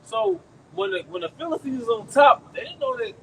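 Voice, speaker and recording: Loud slangy street preacher outdoors. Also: male voice, extremely high pitch, huge pitch swings, fairly quick, gravelly. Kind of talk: outdoor camp teaching. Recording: distant mic, traffic noise outdoors.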